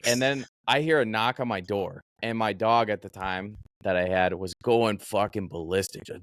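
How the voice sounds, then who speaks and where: A man hosting a podcast, telling a story in an animated, profane, casual way. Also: lowish voice, fairly quick, hardly any pauses, clear, resonant tone, no echo, studio quality. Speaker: podcast host.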